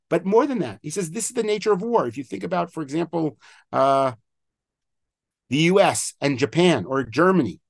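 A middle-aged man teaches an online class as a rabbi, walking his listeners through old texts and reading passages aloud between frequent fillers. His voice sits a bit high for a man. The sound is dry and close, as on a video call microphone. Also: dry recording. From Israel.

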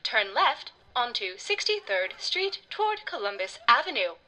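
Woman putting on a phone maps voice, slow, even, insistent, storybook. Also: on the high side, heavily acted. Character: female maps app voice on a phone.

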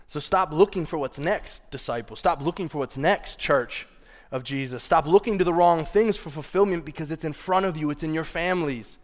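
A male pastor preaches with passion, speaking plainly and directly to his congregation with easy, casual asides. His voice sits a touch higher than most men's. It rings out with a long reverb in a large church hall. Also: a little fast. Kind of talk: sermon. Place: church sanctuary.

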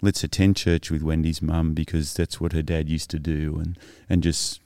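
On a podcast, a middle-aged guest from Australia recounts his personal story in a low, smooth, resonant voice with a level, dark tone. He speaks casually and reflectively, pausing and restarting often, and the audio is dry without room echo.

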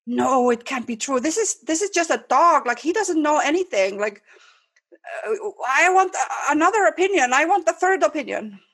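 Woman plays a distraught male pet owner in a told joke, higher and insistent. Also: expressive, moderate pace, a bit bright.

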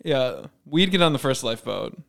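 A man's voice: mid-range voice, big pitch swings, moderate pace, creaky, fairly bright tone. A man co-hosting a podcast, chatting casually and playfully, often laughing and trying out posh accents. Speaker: podcast co-host. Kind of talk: casual chat.

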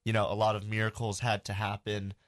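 Male radio co-host, lower voice, casual and joking with hesitant restarts. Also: monotone, fairly quick, no echo, studio quality. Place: radio studio.

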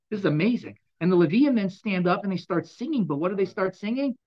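A man teaching a Bible class, reading verses aloud and explaining them in a dramatic, animated way, from loud bursts to quiet asides. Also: sits high, fast, hardly any pauses, lo-fi sound. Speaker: Torah teacher.

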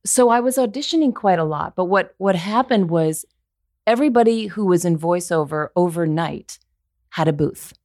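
A woman's voice: fairly low pitch, lively intonation, normal speed, darkish tone, no echo, clean studio sound. A woman voiceover actor, a guest on a podcast, talking in a candid, earnest way as she thinks aloud. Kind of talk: casual interview chat.

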